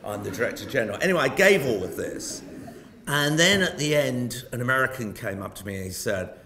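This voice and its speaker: A man's voice: mid-range voice, animated, fairly quick, creaky, pushed and bright, a little hiss or hum. An older British man giving a public lecture, telling wry, self-mocking anecdotes. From Britain. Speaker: guest lecturer. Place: lecture hall. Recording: roomy hall sound.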